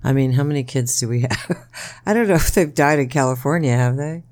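A podcast co-host in casual chat, an animated storyteller who laughs often and keeps saying "you know". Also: brisk. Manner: animated storyteller, jumps into high-pitched impressions, laughs often.

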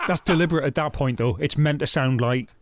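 A man's voice: on the high side, fairly quick. A man co-hosting a comedy podcast about old television, mocking it with dry humour. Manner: mocking, mimics accents while joking. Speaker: podcast co-host. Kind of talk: casual comedic chat reviewing old TV.

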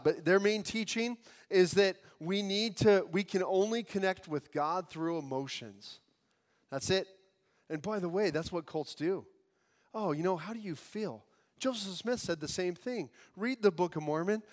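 Male pastor, high voice, earnest conversational sermon, long hall reverb. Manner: earnest, conversational preaching with asides and restarts. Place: church sanctuary.

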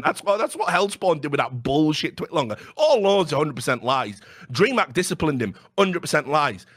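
Fast, brash, profane man. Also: a little high, no room sound, clean studio sound. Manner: brash, profane and animated, acts out quotes. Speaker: podcast co-host. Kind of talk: casual storytelling chat.

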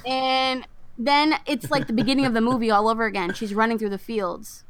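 A woman's voice: a little high, fairly quick, clear, resonant tone. A woman chatting casually as a podcast co-host, animatedly retelling a film and acting out the lines. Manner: animated storyteller acting out quotes. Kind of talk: casual movie recap chat.

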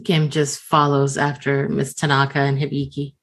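A woman's voice: a bass voice, monotone, moderate pace. A woman at a tabletop game describing her character's actions. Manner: narrating her character's actions in third person.

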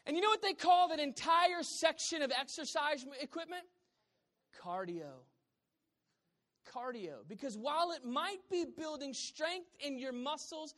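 Southern pastor, high voice, playful sermon that keeps quizzing the crowd. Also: fairly bright tone. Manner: humorous, conversational, quizzing the congregation. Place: church hall with congregation.

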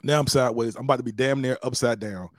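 A mid-pitched man tells a story on his podcast in a loose, animated way. He leaps up in pitch when he acts out what other people said. The sound is dry and close to the mic. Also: fast talker, dry recording. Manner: animated, acts out quotes with big pitch jumps. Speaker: podcast host. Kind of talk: casual storytelling.

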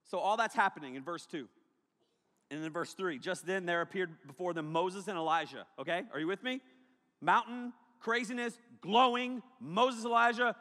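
A male pastor preaching a sermon to a congregation in a large hall, joking and animated, breaking into shouts. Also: high-pitched, moderate pace. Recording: long hall reverb.

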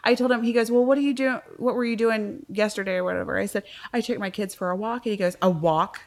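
A woman's voice: on the high side, fast talker. A woman in her thirties telling a friend a story in casual chat, laughing often and acting out what people said. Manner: animated, laughs often, acts out quotes. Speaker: storyteller recounting a date.

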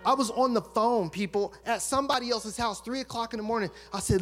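A man giving a fervent testimony sermon, acting out the people in his story and rising to loud, forceful bursts. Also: high voice, fast, few pauses, soft background music. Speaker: preacher.

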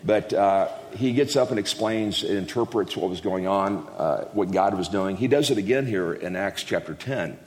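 Deep-voiced rambling man preaching in a hall. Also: moderate pace, hardly any pauses, a little mellow. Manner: rambling, self-interrupting, folksy jokes. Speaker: guest preacher. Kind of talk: casual joking sermon. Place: church hall. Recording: echoey hall, long reverb.

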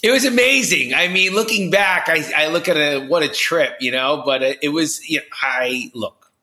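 A man from New Jersey, a podcast guest, telling a personal story with high energy and acting out the voices he quotes. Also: moderate pace, bright, forceful tone, reverberant.

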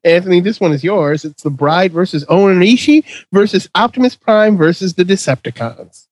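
Brief: male host, slightly higher voice, dry close sound, teasing and jokey. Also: lively intonation, moderate pace, dry recording. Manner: joking, teasing, laughs often. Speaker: podcast host running a movie fight bracket. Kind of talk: casual chat.

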